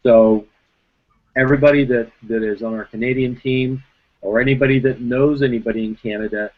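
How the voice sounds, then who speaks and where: A man's voice: mid-range voice, steady tone, fairly quick. A man speaking on a team call, explaining plainly. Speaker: guest speaker. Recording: tinny phone line.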